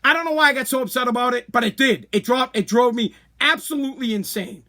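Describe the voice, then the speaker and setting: Bright-voiced ranting man. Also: very high voice, a little fast. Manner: animated, ranting, acts out imagined dialogue; blunt and profane. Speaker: podcast host. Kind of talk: casual sports rant.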